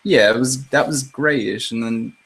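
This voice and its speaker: A man's voice: medium pitch, unhurried, fairly bright tone, slightly rough, poor audio. Sarcastic, swearing podcast co-host man. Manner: sarcastic, swears freely, laughs often. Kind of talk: casual chat.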